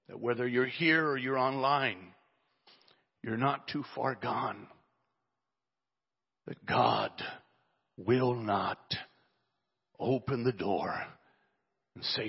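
A man preaching a sermon as pastor, speaking slowly and emotionally, building to fervent prayer. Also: mid-range voice, vocal fry, breathy edge, lo-fi sound.

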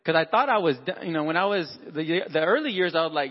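A man's voice: fairly high pitch, quick pace, in a large hall, dull audio. A man addressing fathers at church in a conversational, sermon-style talk, acting out everyday dialogue. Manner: conversational, acts out dialogue with animated voices.

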